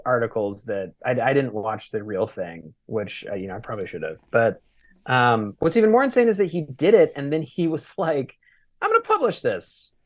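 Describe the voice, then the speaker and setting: A man's voice: medium pitch, big pitch swings, fairly quick, dry recording, clean studio sound. A man co-hosting a podcast in casual chat, agreeable and chiming in with short reactions. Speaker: podcast co-host.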